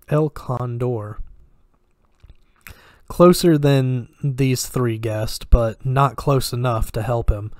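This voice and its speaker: A man narrating a thriller story aloud in a steady reading voice with small restarts. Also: mid-range voice, dry recording, studio quality. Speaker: story reader. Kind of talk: audiobook narration.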